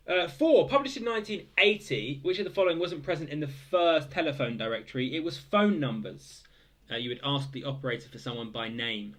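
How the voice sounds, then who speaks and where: A man's voice: mid-range voice, a bit bright. A young man casually reading out quiz answers, hesitant, full of fillers, with dry joking asides. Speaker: quiz host.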